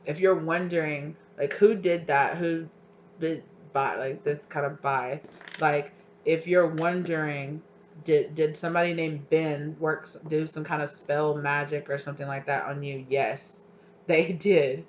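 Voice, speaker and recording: A tarot reader giving a casual pick-a-card reading, rambling with lots of filler likes and sudden excited bursts. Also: mid-range voice, a little slow, dull audio, a little hiss or hum.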